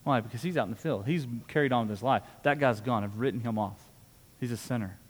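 A man's voice: medium pitch, quick pace. A man preaching a sermon in a conversational way, often repeating words and asking "right?". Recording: long hall reverb.

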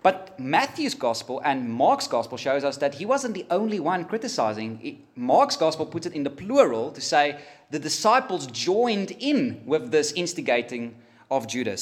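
A man preaching a sermon, emphatic and pausing, rising for emphasis. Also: on the high side, sing-song. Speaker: pastor.

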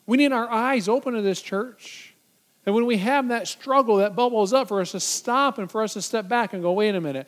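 High-voiced man preaching a sermon. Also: brisk. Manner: emphatic preaching with rhetorical questions. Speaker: pastor.

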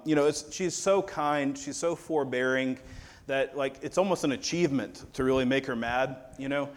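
A man preaching a sermon in a conversational, wry storytelling manner. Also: medium pitch. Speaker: pastor.

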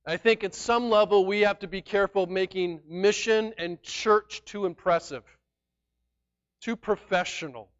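A man preaching a sermon as pastor, emphatic and conversational, swinging between loud declarations and quiet asides. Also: high-pitched, a little slow, clear, resonant tone, dull audio.

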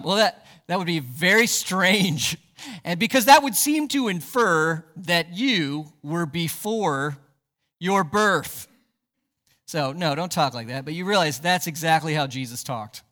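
A man's voice: fairly high pitch, expressive, unhurried, pushed and bright, long reverb tail. A man, a pastor, preaching a sermon in a church sanctuary, emphatic and asking the congregation rhetorical questions.

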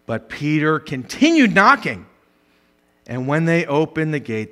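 A man preaching with a bright, forceful voice set a little high. He is animated, jumping from loud emphatic bursts down to hushed asides, and laughs often as he talks. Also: measured pace, vocal fry. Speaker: pastor. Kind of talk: sermon.

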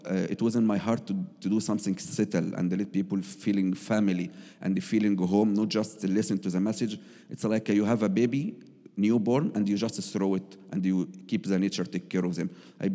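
Man, low pitch, mellow dark tone, earnest testimony, broken English, long hall reverb. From Egypt. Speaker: missionary sharing his testimony. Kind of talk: personal testimony.

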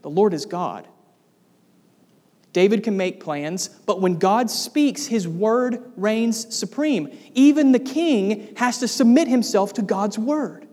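A man with a notably high voice preaching a sermon, his words trailing off into the long reverb of a large hall. He talks emphatically and asks the congregation rhetorical questions. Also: slow, darkish tone.

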